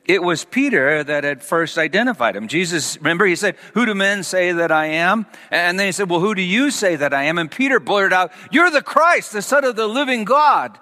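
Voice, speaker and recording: A man preaching a sermon, reading scripture slowly and then expounding it with growing animation. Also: high voice, lively intonation, pushed and bright, in a large hall. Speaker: pastor.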